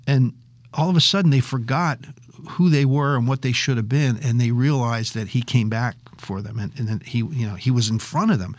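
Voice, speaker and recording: A man's voice: medium pitch, a little fast, no room sound. A man thinking aloud in a casual faith discussion, hesitant and correcting himself. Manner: thoughtful, hesitant, self-correcting. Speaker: discussion panelist.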